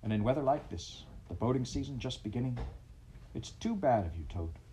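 A man's voice: medium pitch, animated, a little fast, mellow, a little hiss or hum, lightly acted, rough recording. A man voicing a practical, hearty male water rat who speaks cheerfully.

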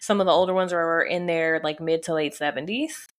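Co-host, young woman, lowish voice, easygoing recap chatter. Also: brisk. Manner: chatty, recapping with many fillers and laughs. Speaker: podcast co-host. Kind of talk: casual chat.

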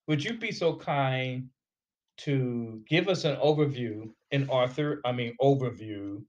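A man hosting a casual talk show, emphatic and animated as he makes his points. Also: medium pitch, lo-fi sound. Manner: animated and emphatic, rising when fired up. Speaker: podcast host.

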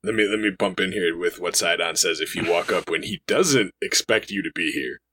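A man co-hosting a podcast, chatting about a video game in an animated, joking way. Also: low-pitched, a little fast, husky. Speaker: podcast co-host. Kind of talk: casual game discussion.

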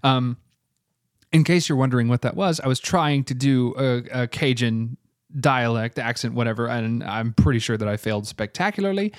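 A man's voice: medium pitch, normal speed, dry recording, studio quality. A man hosting a podcast, telling a true-crime story in a casual, self-deprecating way with lots of filler words. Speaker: podcast host.

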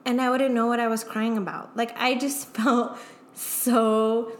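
A woman's voice: a little high, little pitch movement, a little slow. A young woman as a guest, speaking candidly and emotionally in a casual chat, full of "like" fillers and swearing. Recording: echoey room.

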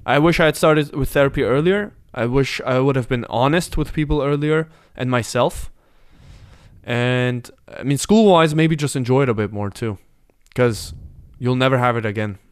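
Smooth-voiced young man, candid and reflective. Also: medium pitch, moderate pace, no room sound. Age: 20s. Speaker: podcast host. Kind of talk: casual chat.

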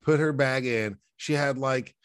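A man's voice: mid-range voice, measured pace, fairly bright tone, smooth, no room sound. A man hosting a casual podcast, telling profane, rambling stories full of restarts. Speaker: podcast host.

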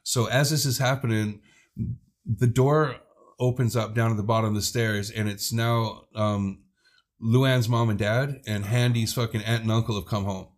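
A man's voice: on the low side, steady tone, moderate pace. A man co-hosting a podcast, telling a long story in casual chat, swearing freely and laughing mid-sentence. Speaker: podcast co-host.

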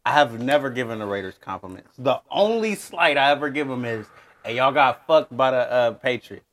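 A man's voice: mid-range voice, brisk. A man co-hosting a sports podcast, chatting casually, swearing a lot and laughing often. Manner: profane, animated, laughing often. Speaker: podcast co-host.

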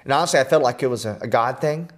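A middle-aged man, a podcast guest, telling personal stories in an earnest, animated way with self-deprecating humor. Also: mid-range voice, very fast. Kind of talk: storytelling in conversation.

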